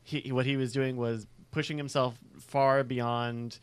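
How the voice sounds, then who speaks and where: A man co-hosting a casual podcast, tossing out deadpan quips and speaking hesitantly. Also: medium pitch, measured pace, clean tone, dry recording. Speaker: podcast co-host.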